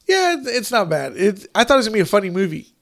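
A man's voice: sits high, very animated, fast, creaky, fairly bright tone. A man rambling through a casual chat about movies, full of fillers, restarts and casual swearing.

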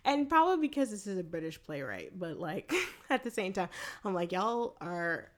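A woman co-hosting a podcast, retelling a film in a casual, animated and profane way with frequent laughter. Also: fairly low pitch, moderate pace. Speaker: podcast co-host. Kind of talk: casual film recap chat.

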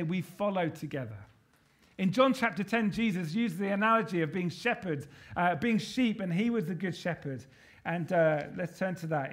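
A man with a high voice delivers a church sermon. He is emphatic and rallying, and he keeps tossing call-and-response questions to the congregation to pull them in. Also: a bit bright. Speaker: preacher.

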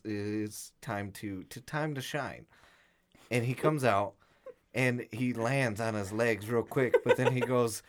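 A young man on a casual podcast spins a funny anecdote, with his pitch in the middle range for men. He acts out his friends' voices with lively energy and chuckles as he goes. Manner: animated storyteller, acts out quotes, laughs often. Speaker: podcast co-host. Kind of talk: casual storytelling chat.

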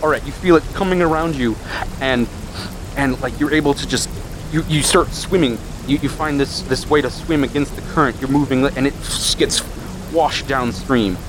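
A man running a tabletop role-playing game as game master, narrating in a halting way with repeated words. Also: medium pitch, noisy background.

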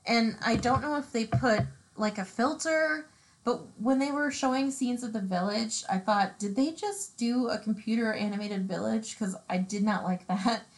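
Lady chatting, kinda high voice, opinionated, lots of restarts. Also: moderate pace. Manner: opinionated, thinks aloud with trailing restarts. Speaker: co-host discussing a film. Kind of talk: casual chat.

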